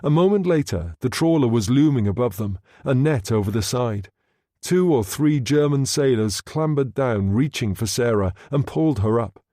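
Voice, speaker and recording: A man narrating an audiobook in a measured, steady reading. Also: medium pitch, no room sound, studio quality. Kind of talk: scripted narration.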